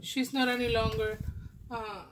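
Slow, gushing woman unboxing gifts. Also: fairly high pitch, little pitch movement, slight background noise. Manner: gushing, exclaiming, hesitant with fillers. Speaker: crafting vlogger. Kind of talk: unboxing a gift swap.

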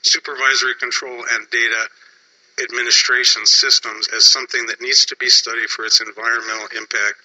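A man's voice: medium pitch, little pitch movement, fairly quick, pushed and bright, rough recording. A man giving earnest, rambling public comment at a hearing.

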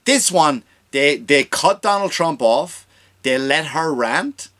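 A man's voice: a little high, lively intonation, slow pace, a bit bright. A man hosting a comedy podcast, ranting and swearing freely, acting out the voices of people he quotes. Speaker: podcast host. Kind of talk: comedic rant.

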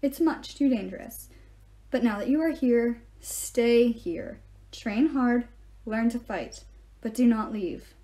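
A woman reading aloud, voicing a weary, kindly male centaur teacher who speaks calmly and gravely. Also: fairly high pitch, slow. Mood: grave, gentle. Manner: calm, gentle and grave.

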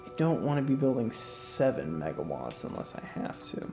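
A man hosting a casual let's-play, talking through his moves in a relaxed, rambling way with lots of fillers and restarts, yawning and sleepy. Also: medium pitch, normal speed, creaky. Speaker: gaming channel host. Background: faint game music.

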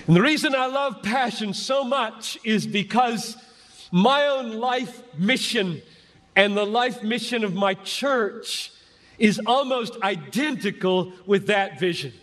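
A man's voice: high-pitched, lively intonation, takes it slowly, a bit bright. A man in his fifties preaching to a large youth gathering, earnest and emphatic, building his points through repetition. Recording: long hall reverb.

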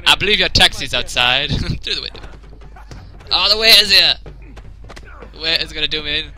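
A man's voice: fairly high pitch, animated, normal speed. Jokey young Englishman narrating gameplay. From England. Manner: jokey, laughs often, reacts loudly. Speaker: let's play commentator. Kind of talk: casual gameplay commentary.

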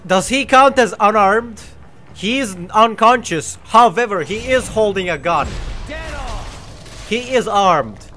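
High-voiced male streamer with a cold. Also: animated, slow pace, bright, forceful tone, slight background noise. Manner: giddy, joking, swears often. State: has a cold. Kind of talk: live gameplay commentary.

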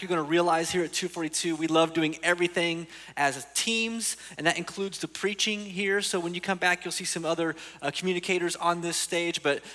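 Male teaching pastor, lively comic sermon style, bright tone, reverberant church hall. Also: high voice. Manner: animated storytelling, acts out voices. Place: church auditorium.

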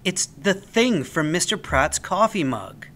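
A man voicing an excitable young schoolboy who talks in a high, urgent voice. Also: a little slow, slight background noise, exaggerated voice. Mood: alarmed.

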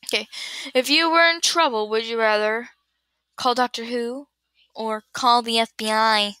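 A woman's voice: fairly high pitch, fairly even intonation, a little slow, pushed and bright, no echo. A young woman rambling casually to her webcam at home, giggling, losing her train of thought and restarting. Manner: giggly, scatterbrained, trails off and restarts. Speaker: vlogger answering would-you-rather questions. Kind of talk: casual rambling chat to camera. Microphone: built-in computer webcam mic.

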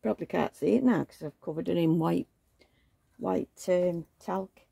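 A woman talks to the camera while tending a reborn doll, her voice gravelly with a husky edge. She coos and baby-talks, then slips into gossipy stories, close to a dry, dead-sounding mic. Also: fairly low pitch, unhurried, mellow, no echo. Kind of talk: casual chat while dressing a doll.

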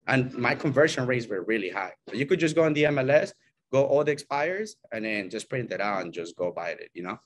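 A man's voice: mid-range voice, brisk, slight background noise. Realtor man coaching a group casually. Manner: animated, acts out client and agent quotes; repeats "right?" and "you know?". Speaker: realtor teaching agents.

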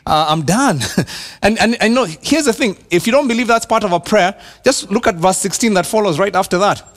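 A pastor with a Kenyan accent preaching a sermon in church, animated, repeating words and dropping to a hush for emphasis. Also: male voice, high-pitched, fairly quick.

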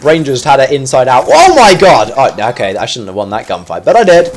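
A man's voice: medium pitch, big pitch swings, fast. A man giving live commentary over his own gameplay. He chats in a self-mocking way, then yelps and squeals at sudden moments. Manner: chatty and self-mocking between fights.

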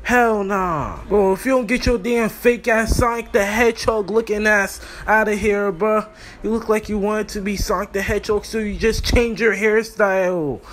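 A man's voice: sits high, fairly even intonation, moderate pace, fairly bright tone, slight background noise. A young man doing a profane comedic roast of cartoon characters, crude and mocking. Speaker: roast video host.

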